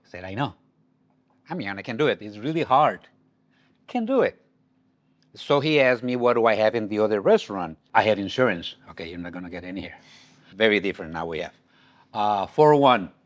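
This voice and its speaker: A man's voice: lowish voice, fairly quick. A man with a French accent in an interview, telling an anecdote and acting out the dialogue. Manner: animated, acts out quoted dialogue. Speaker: longtime restaurant staff.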